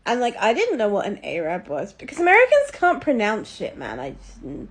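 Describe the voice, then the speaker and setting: A woman's voice: medium pitch, wildly swooping pitch, fairly quick. A young woman with an English accent telling stories casually, dry and sarcastic. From England. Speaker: TikTok storyteller. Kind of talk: casual storytelling.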